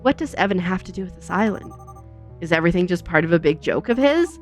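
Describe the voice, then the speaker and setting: A woman voicing an anxious young woman investigator as she reads game dialogue aloud, talking in worried, quick self-questions. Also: fairly low pitch, lively intonation, a little mellow, soft background music, lightly acted.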